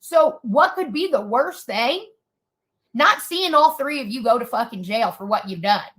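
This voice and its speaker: A woman's voice: a little high, expressive, unhurried, fairly bright tone. A woman in an angry, profane rant, furious and swearing hard.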